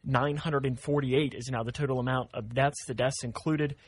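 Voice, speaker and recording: A man's voice: medium pitch, normal speed, breathy edge, no echo. A man hosting a morning radio show, chatting casually and reading news and weather. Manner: relaxed, reads news and weather plainly.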